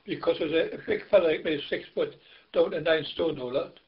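Older British man, halting army memories. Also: fairly high pitch. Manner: rambling, halting, peppered with "you know". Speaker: interviewee recalling army service. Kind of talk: oral history interview. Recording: dull lo-fi recording.

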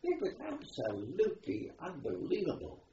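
A man's voice: high-pitched, huge pitch swings, moderate pace, mellow. An older man from Wales with a Welsh accent, a war veteran rambling through his memories with many ums and restarts. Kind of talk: oral history recollection. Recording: dull roomy tape with faint hiss.

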